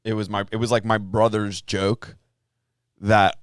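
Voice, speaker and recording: A man's voice: lowish voice, flat delivery, a little slow, clean tone, no room sound, clean studio sound. A man co-hosting a podcast, telling jokey stories in casual chat and acting out both sides of the exchanges. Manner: joking storyteller, acts out both sides of exchanges. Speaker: podcast co-host.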